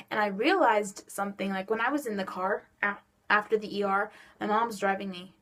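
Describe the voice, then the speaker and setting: Teen girl vlogger, casual animated storytelling, filler-heavy, neck stiff and sore. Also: mid-range voice. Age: teens. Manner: animated storytelling, lots of "like" and "just like". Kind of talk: casual chat to camera.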